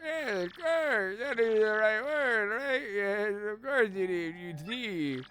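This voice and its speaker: A man's voice: sits high, expressive, slow pace, bright, forceful tone, a little hiss or hum, voice pushed up, heavily acted. A man voicing a fretful, rambling elderly male town mayor, talking stiffly without moving his lips. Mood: worried. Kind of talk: reading game dialogue aloud in character.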